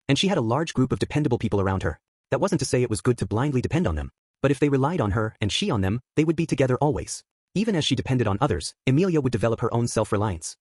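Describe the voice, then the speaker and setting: A man narrating a light novel audiobook in a brisk, even reading. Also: medium pitch, breathy edge, no echo, studio quality. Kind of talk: scripted narration.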